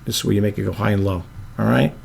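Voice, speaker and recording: A man with a low monotone voice, hosting a casual video editing tutorial and rambling with apologetic asides. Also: rapid-fire, vocal fry, slight background noise. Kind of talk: casual screen-recorded tutorial.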